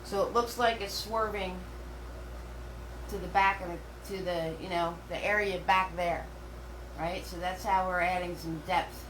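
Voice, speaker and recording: This middle-aged woman teaching a live painting class has a fairly low, steady voice and a slightly slow pace. She's chatty and rambling with many fillers and restarts, recorded far from the mic in a roomy space with a faint hum.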